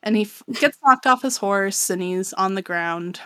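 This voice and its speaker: A young woman co-hosting a casual podcast, retelling a manga with lots of swearing, laughter and quick quoted voices for the characters. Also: medium pitch, pushed and bright, smooth, dry recording, clean studio sound. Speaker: podcast co-host recapping a manga. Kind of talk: casual chat. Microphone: no camera, audio only.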